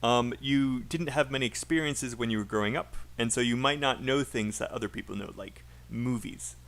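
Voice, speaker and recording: A British man teaching a live online speaking class, talking to his students through a desk mic. He models sentences slowly in clear chunks with deliberate pauses, repeating words so listeners can copy them. His voice sits in a middling register. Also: mid-range voice, fairly bright tone. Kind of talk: livestream speaking lesson.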